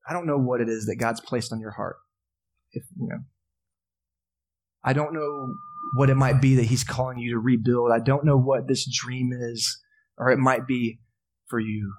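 A male pastor giving a sermon, earnest and impassioned, building to strong emphasis and easing to quiet prayer. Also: medium pitch. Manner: drops to soft, quiet prayer.

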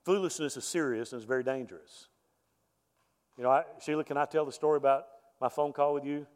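Speaking quickly in a steady, medium-pitched voice that is clean and a little mellow, a middle-aged pastor delivers a conversational sermon. He often repeats his words, and the sanctuary setting gives the recording an echoey, hall-like sound.

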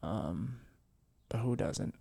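A man hosting his own podcast at home, talking candidly and rambling with lots of fillers and restarts, sounding low-spirited and worn down. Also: expressive, drawn-out words, gravelly, dark tone, breathy edge, no echo. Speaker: podcast host. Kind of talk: candid solo podcast chat.

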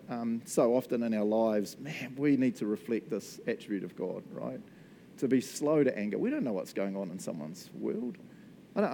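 A middle-aged man with a New Zealand accent, preaching a sermon and telling stories in an animated way, laughing often. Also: mid-range voice, a little hiss or hum. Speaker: pastor.

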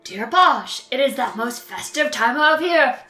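Brief: a woman doing a folksy Santa-type baron with a put-on Southern drawl, bright and sharp, in an echoey room. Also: high voice, lively intonation, unhurried, faint music behind, exaggerated voice. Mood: jolly. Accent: put-on American Southern. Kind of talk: reading a letter in character.

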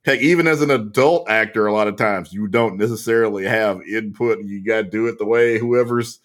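A man's voice: on the low side, fairly quick, fairly bright tone. A man co-hosting a podcast, explaining his points in casual chat with hesitant restarts. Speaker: podcast co-host.

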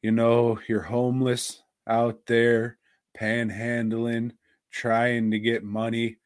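A man's voice: medium pitch, darkish tone, dry recording, clean studio sound. A man co-hosting a casual podcast, talking in a blunt, profane way. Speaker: podcast co-host.

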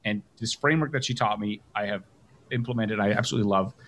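A man's voice: lowish voice, fast talker, a bit bright, a little hiss or hum. A man hosting a coaching call, talking with energy and emphasis and acting out example phrases. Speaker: coach and host.

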